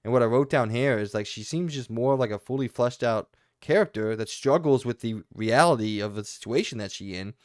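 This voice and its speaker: A man co-hosting a video game podcast, talking in long animated runs in a casual review discussion. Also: mid-range voice, a little fast, hardly any pauses, no echo, clean studio sound.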